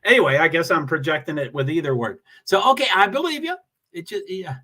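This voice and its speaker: Bright-voiced man rambling on a livestream. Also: on the high side, very animated, a little fast. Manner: rambling and self-deprecating, with many restarts. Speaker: livestream host reading viewer comments. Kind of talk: casual livestream chat.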